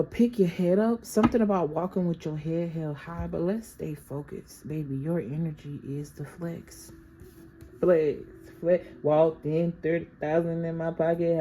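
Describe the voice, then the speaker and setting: A woman's voice: low-pitched, a little mellow, slight background noise. A woman reading tarot cards for her viewers in a casual, slangy, chatty way, talking straight to them. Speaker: tarot reader.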